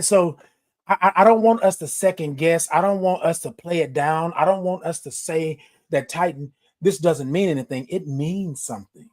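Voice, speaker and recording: A man with a fairly high, slightly mellow voice hosts a motivational livestream. He talks directly to his viewers, repeating emphatic affirmations.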